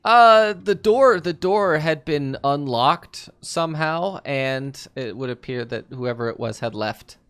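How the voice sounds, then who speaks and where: A man's voice: fairly high pitch, animated, slow, hardly any pauses, fairly bright tone, smooth, no echo. A man narrating as game master of a tabletop game, often restarting with repeated words.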